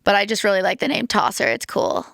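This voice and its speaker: A woman's voice: mid-range voice, quick pace, gravelly, fairly bright tone, no echo, clean studio sound. A woman hosting a podcast, talking in a rambling, playful, self-deprecating comic monologue while slightly losing her voice. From United States. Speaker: podcast host. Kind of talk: casual comedic monologue.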